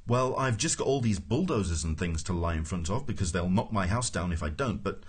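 A man's voice: animated, brisk, husky. A man voicing a flustered, put-upon young man who is exasperated and sarcastic, in an audiobook reading. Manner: exasperated, sarcastic, high-strung. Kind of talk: audiobook character voice.

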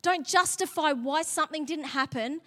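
In a church hall with a long, trailing reverb, a pastor with a high, bright woman's voice delivers a sermon built around a personal story. She begins chatty and conversational at a moderate pace, dropping in little laughing asides, then builds to emphatic, fervent preaching.

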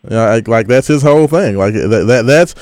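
A laid-back man talking sports in easy, casual banter. His voice is dry and close, and his pitch sits mid-range. He drawls and often lets his lines trail off quietly. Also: animated, fairly quick, dry recording. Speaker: sports podcast co-host. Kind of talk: casual chat.

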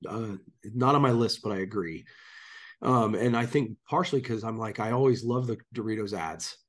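A man's voice: on the low side, normal speed. A man co-hosting a podcast, chatting in a casual, easygoing way. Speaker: podcast co-host.

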